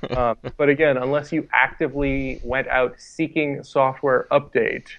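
A man's voice: mid-range voice, steady tone, normal speed, vocal fry, highs cut off. A man speaking as an IT security guest on a podcast, explaining at an easy pace with fillers and everyday analogies. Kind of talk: casual podcast discussion.

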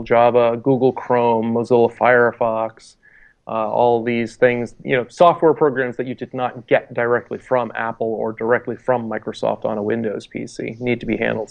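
A man's voice: medium pitch, creaky, lo-fi sound. A man speaking as an IT security guest on a podcast, explaining at an easy pace with fillers and everyday analogies. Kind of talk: casual podcast discussion.

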